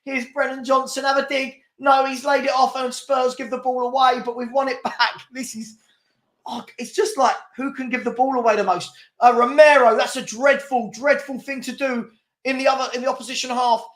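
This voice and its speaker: A man hosting a live football watchalong, commentating excitably and exasperatedly and often laughing. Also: very high voice, normal speed. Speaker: fan channel host.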